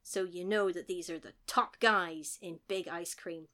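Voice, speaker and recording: A woman with a bright, clear-edged voice talks through a film plot in loose, animated chat. She laughs easily and keeps breaking into little impressions as she goes. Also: on the low side, unhurried. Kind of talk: casual chat recapping a film.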